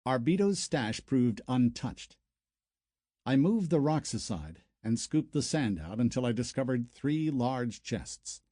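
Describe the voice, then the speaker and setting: Guy reading a novel aloud, lively delivery, mellow dry studio sound. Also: mid-range voice, measured pace, no room sound. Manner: storytelling, expressive. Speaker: audiobook narrator. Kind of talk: first-person scripted narration.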